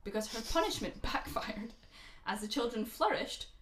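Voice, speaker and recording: A woman's voice: fairly high pitch, lively intonation, normal speed, reverberant, slight background noise. A woman casually telling a grim true story to a friend, sarcastic and swearing, sipping gin as she goes. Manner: sarcastic, swearing, dark humor. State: drinking gin. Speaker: podcast co-host telling a true crime story.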